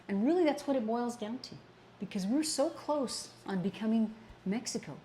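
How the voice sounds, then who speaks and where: A woman's voice: mid-range voice, brisk, dark tone, slight background noise. An older woman co-hosting a casual political talk show, speaking earnestly and repeating points for emphasis. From American Southwest. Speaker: co-host.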